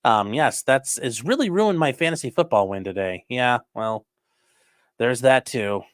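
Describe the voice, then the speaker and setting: A man streaming live and chatting off the cuff, sarcastic and rambling, with an easy, mid-pitched voice. His talk drifts from one aside to the next, with casual swearing. The sound is dry and close, with no room echo. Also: lively intonation, measured pace, smooth. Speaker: livestream host reading viewer donations. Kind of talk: casual livestream commentary.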